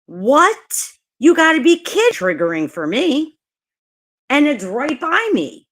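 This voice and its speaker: A woman from New Jersey, USA, hosts a casual livestream, ranting angrily. Her high, sing-song voice moves slowly as she swears and repeats herself often.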